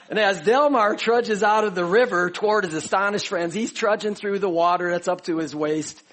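A man's voice: high voice, normal speed, hardly any pauses, a bit bright. Conversational man preaching a sermon. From Chicago. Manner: conversational, explanatory, addresses the congregation directly. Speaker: pastor.

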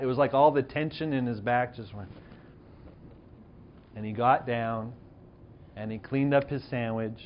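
This is a man's medium-pitched voice, captured in a muffled recording with slight background noise. He is a thirty-something pastor telling a personal anecdote in a relaxed, self-mocking sermon while questioning the audience.

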